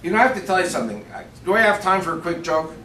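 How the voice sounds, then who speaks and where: Brief: male guest speaker with a fairly high voice, punchy and talking straight to the crowd, picked up by a far-off mic in an echoey banquet room with faint ambience behind him. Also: very animated, rapid-fire, bright, forceful tone, a little hiss or hum. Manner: emphatic, conversational, asks the audience questions. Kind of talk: lecture to a club audience, with jokes. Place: banquet room of a shooting sports store.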